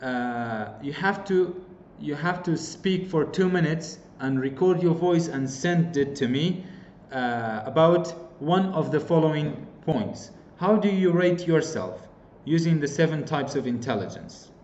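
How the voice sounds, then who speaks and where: In an online English lecture, a Kurdish-accented man from Iraq's Kurdistan region explains points through repeated examples and frequent fillers. His fairly high voice is animated yet unhurried, with a darkish tone. The roomy, dull lo-fi recording carries a little hiss or hum.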